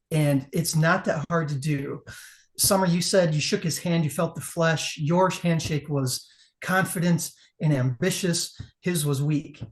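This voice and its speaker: A woman who wrestles and judges a competition, giving blunt, profane advice on a live video-call panel. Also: deep voice. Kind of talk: casual critique on a live panel.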